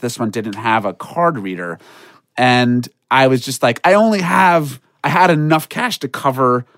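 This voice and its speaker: A man telling a comic story on a podcast in an animated way, acting out voices with shouts and laughter. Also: medium pitch, a little slow, dry recording, studio quality.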